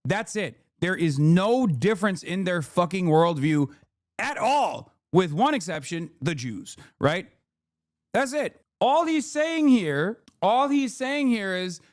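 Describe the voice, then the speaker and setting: A man's voice: high-pitched, animated, dry recording, clean studio sound. A man in his thirties giving heated, profane commentary as a streamer reacting to a debate clip. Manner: heated, profane, rapid restarts. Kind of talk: casual livestream commentary.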